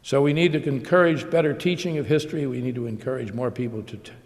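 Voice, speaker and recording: Older male lecturer, steady mid-range voice, deliberate repetitions, recorded in an echoing auditorium. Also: medium pitch. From United States. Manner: measured, slow emphatic delivery with repetitions. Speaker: guest lecturer. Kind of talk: public lecture. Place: large auditorium. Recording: long hall reverb.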